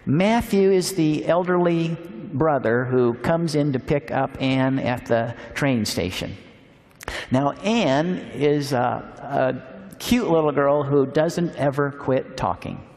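A man giving a sermon at a seminar, telling stories and slowing down on key phrases. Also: fairly high pitch. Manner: warm storytelling, slows for emphasis. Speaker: speaker at a Christian seminar. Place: large hall. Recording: long hall reverb.

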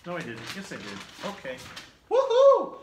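A man voicing a goofy, excitable male puppet co-host who jokes and whoops. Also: high-pitched, brisk. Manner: jokey, excitable, whoops and exclamations. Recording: echoey room, faint noise.

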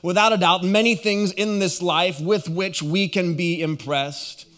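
A man's voice: high voice, steady tone, measured pace, fairly bright tone. A young adult man preaching a sermon as a guest pastor, drawing the congregation in and having them repeat phrases back. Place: church auditorium.

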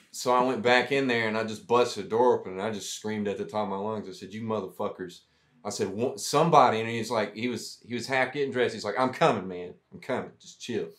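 A man, a veteran guest, telling profane, rambling war stories in casual talk. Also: lowish voice. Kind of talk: casual storytelling.

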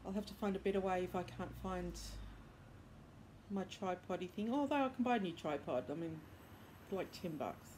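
A woman's voice: fairly low pitch, normal speed, darkish tone, slight background noise. A woman hosting a knitting podcast, chatting casually and rambling with many fillers and restarts. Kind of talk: casual chat. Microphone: iPad.

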